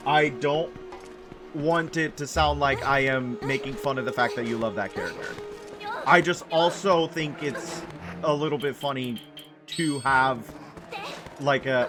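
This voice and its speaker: A man's voice: fairly high pitch, animated, moderate pace. A man chatting casually with viewers while playing a game, rambling and correcting himself. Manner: rambling, self-correcting, reassuring chat. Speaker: game streamer. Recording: game music playing under the voice. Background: game music.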